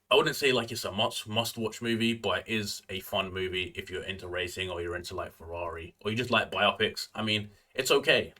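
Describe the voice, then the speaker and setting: A man's voice: fairly low pitch, bright, forceful tone. A man giving a casual, opinionated movie review, ranting, with constant fillers and slangy asides. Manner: ranting, filler-heavy, frequent "like" and "bro".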